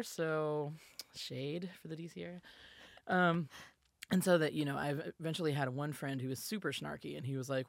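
Gravelly-voiced woman from the South. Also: deep voice, fairly quick, no echo. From American South. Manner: chatty storyteller, many restarts and asides. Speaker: podcast guest. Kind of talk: casual chat.

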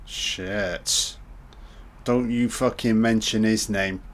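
A lower-pitched man talks through a film in a loose, chatty commentary. He jokes around and swears freely as he reacts to scenes. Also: fairly even intonation, slow pace, a bit bright. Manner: profane, joking, chatty. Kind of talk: casual audio commentary.

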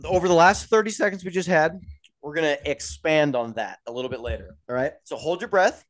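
A young man co-hosting a casual motorsport podcast, animated and quick to swear and laugh. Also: on the high side. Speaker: podcast co-host. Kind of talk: casual chat.

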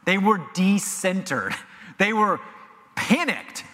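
A man preaching a sermon as pastor, animated and emphatic, in a church sanctuary with long reverb. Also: sits high, takes it slowly, background noise. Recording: long reverb of a large hall.

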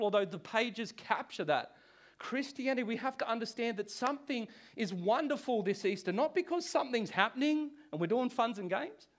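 A man, a pastor, preaching a sermon in church with animated, conversational delivery and frequent restarts. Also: very high voice.

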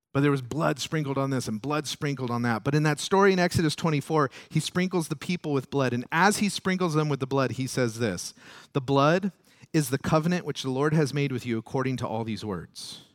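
Dry-sounding pastor preaching with big swings. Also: male voice, dry recording. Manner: rises loud and high when stirred, drops low and soft to reflect; acts out quoted prayers and voices. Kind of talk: sermon.

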